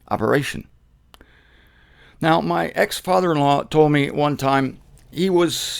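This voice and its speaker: Man, Bible teacher, casual teaching talk, animated, repeats himself for emphasis, slightly high voice. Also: gravelly.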